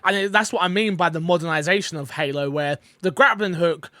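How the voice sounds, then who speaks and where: Rambling, excitable man on a podcast. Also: fairly high pitch, brisk, dry recording, studio quality. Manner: rambling, excitable, many fillers. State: eating while talking. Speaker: podcast co-host. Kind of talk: casual podcast chat.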